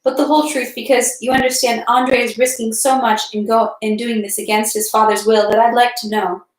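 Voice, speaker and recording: A woman's voice: fairly high pitch, level tone, a little fast, lightly acted. A woman voicing an anxious, tearful young noblewoman who pleads in a trembling voice, in an echoey room. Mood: earnest.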